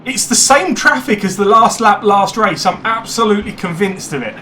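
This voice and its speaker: A man giving live commentary on a sim race, chatty and excitable when cars overtake. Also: high voice, normal speed, a little hiss or hum.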